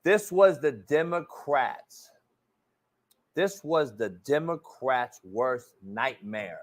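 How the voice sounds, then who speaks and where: A brash, foul-mouthed man hosts a talk show in a high voice. His pitch swings wildly as he rants and mocks, and his tone sometimes climbs to a shout. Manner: brash, loud, mocking, swears constantly. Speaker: sports show host. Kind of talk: profane casual rant.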